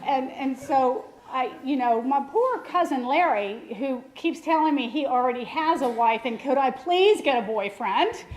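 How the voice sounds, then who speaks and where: A woman's voice: sits high, expressive, darkish tone, a little hiss or hum. Wry woman speaking in an echoey church hall. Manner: wry and self-mocking, halting with restarts. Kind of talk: personal talk mixing humor and grief.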